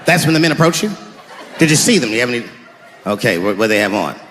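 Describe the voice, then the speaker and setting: A man voicing a slow, dull middle-aged police officer taking a report in a deep, plodding way. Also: very animated, background noise, close to an everyday voice. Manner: plodding, deliberate questioning. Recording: live hall recording with crowd ambience.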